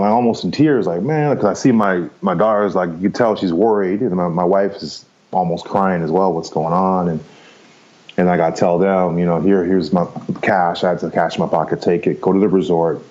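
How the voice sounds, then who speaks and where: A podcast guest in his fifties from Canada tells his story in a loose, rambling way, peppered with "right?" and "you know." He speaks in a low-pitched, warm voice, with the highs missing from the recording.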